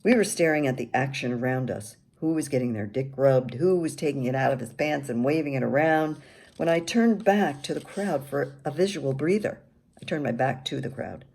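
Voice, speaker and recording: An older woman reads her own memoir aloud, wry and candid. Her voice is low and mellow, with a relaxed, warm tone. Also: normal speed, vocal fry, slightly rough. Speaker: author reading her memoir. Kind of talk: memoir reading.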